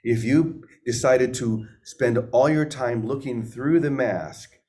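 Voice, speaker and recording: A man's voice: medium pitch, takes it slowly, dark tone. Guy doing a chill spiritual talk, chatty, keeps asking the audience stuff, repeats words as he goes. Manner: conversational, asks the audience questions; restarts and repeats words while thinking aloud. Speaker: spiritual teacher and host.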